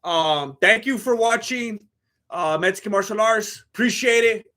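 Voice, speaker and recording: A man's voice: high voice, moderate pace, pushed and bright. A man hosting a live fight commentary stream, talking in a blunt, joking, chatty way.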